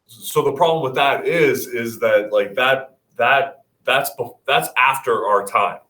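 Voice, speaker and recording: A man's voice: mid-range voice, a little slow, bright, forceful tone. A man co-hosting a casual podcast chat, rambling with many restarts and swearing freely. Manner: rambling, hesitant restarts, profane. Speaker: podcast co-host. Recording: echoey room.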